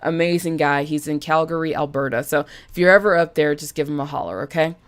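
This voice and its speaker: A woman hosting a casual live stream as a budget coach, chatty and animated, greeting viewers by name. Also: sits low, quick pace.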